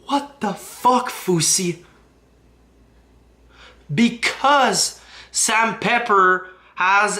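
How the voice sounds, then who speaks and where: Bright-voiced man ranting a drama recap. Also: sits high. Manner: profane and indignant. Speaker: YouTube commentator.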